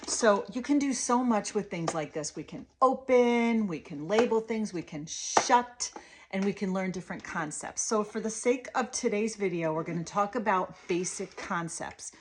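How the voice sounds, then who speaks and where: A woman's voice: medium pitch, moderate pace, slight background noise. A woman in her thirties, a speech-language pathologist, coaching parents and slipping into a sing-song play voice during toy demos. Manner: sing-song, animated demo voice for toddlers.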